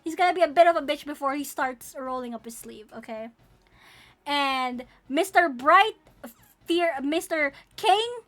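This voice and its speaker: Excitable high-voiced young woman streamer. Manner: excitable, profane, squealing fangirl bursts. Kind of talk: casual live-stream chat about her characters.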